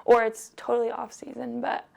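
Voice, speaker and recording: A young woman, a college softball player, giving relaxed short answers in a casual interview and laughing often. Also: a little high, fairly quick, gravelly.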